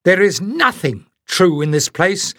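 A man's voice: on the high side, sing-song, normal speed, a bit bright, breathy edge, heavily acted. A man voicing a bold, defiant young woman adventurer who speaks bluntly.

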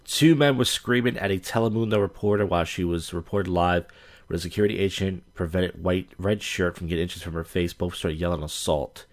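A man with a low, deep voice hosts a podcast in a loose, rambling way. His talk is crude and blunt, and he often stops and restarts his sentences while he sets up clips. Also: a little fast. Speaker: podcast host. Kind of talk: casual podcast commentary.

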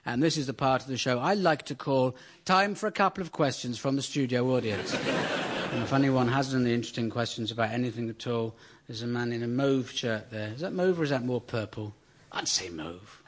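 A man's voice: medium pitch, fairly quick. A man doing a dry, self-mocking stand-up routine in front of a studio audience on a radio show. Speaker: stand-up comedian host. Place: theatre studio with live audience.

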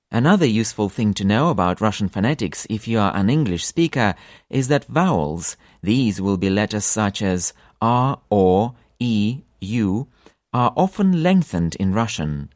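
A man teaching a language lesson for an audiobook, repeating example words slowly with long drawn-out vowels. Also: on the low side, a little mellow, dry recording, studio quality.

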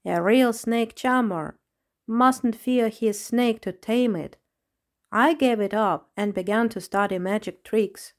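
Woman reading as a calm fakir man, a bit of a whisper in places, storybook voice. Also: a little high, slow pace. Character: wise former snake charmer, male fakir.

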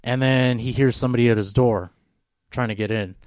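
A man's voice: mid-range voice, fairly even intonation, a little fast, darkish tone, no echo, clean studio sound. A man co-hosting a podcast, telling a long story in a rambling, casual way. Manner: rambling, full of fillers and restarts. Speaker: podcast co-host.

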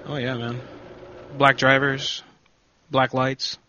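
Bright-voiced rambling male show host. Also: medium pitch, flat delivery, takes it slowly, muffled recording, a little hiss or hum. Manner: rambling, profane, jokey. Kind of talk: casual show banter.

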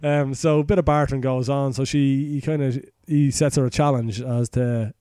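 Irish man, podcast host, loose sweary storyteller, warm dark tone, dry close sound. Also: medium pitch, steady tone, normal speed, clean tone, no echo. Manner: crude, sweary, rambling retelling. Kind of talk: casual comic storytelling.

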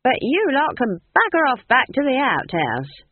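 A woman's voice: mid-range voice, big pitch swings, unhurried, husky, dry recording, exaggerated voice. A reader voicing a cheerful, coaxing old witch with an earthy, bawdy manner. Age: older. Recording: tinny, dry phone-like audio.

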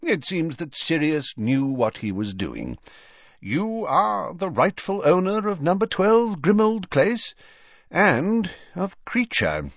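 A man voicing a calm, courteous old male wizard who speaks politely and measuredly, in a dry, slightly dull recording. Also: high voice, dry recording, voice pushed up, exaggerated voice. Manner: polite, measured, gently ironic.

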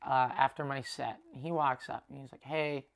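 A man's voice: medium pitch, moderate pace, vocal fry. A young Canadian man hosting a podcast, telling a long rambling story with lots of swearing and acted-out dialogue. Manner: rambling, animated, swears freely, acts out quoted dialogue. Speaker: podcast host. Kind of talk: casual storytelling monologue.

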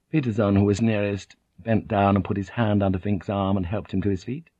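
A man reading a novel aloud in measured, tense scripted narration. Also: lowish voice, steady tone, mellow, dry recording, highs cut off. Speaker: audiobook narrator.

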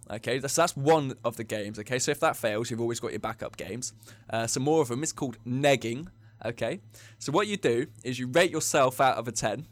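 A man's voice: mid-range voice, brisk, hardly any pauses, no room sound. A young English man co-hosting a podcast, telling rambling drinking stories in casual chat and laughing often. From England. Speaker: podcast co-host.

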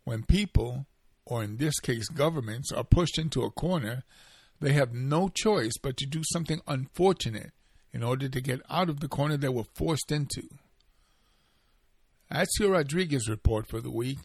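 A man presenting a short scripted opinion segment in a measured, deliberate way. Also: mid-range voice, expressive, darkish tone, slightly rough, no room sound, clean studio sound.

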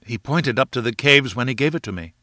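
A man's voice: medium pitch, animated, brisk, pushed and bright, no room sound, clean studio sound. A man voicing an earnest young adventurer who cries out his ideas eagerly.

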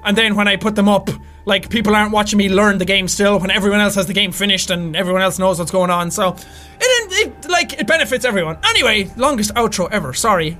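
Very high, bright-voiced excitable male gamer. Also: fast talker, soft background music. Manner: excitable, yelps and swears when scared; rambling, chatty aside. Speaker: gaming YouTuber. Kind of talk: let's play commentary.

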